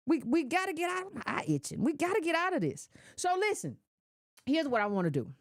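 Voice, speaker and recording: A woman with a high voice talks straight to her audience in casual commentary. She is emphatic and scolding and hammers her points home with repetition and slang. Her voice sounds dry, with no room echo.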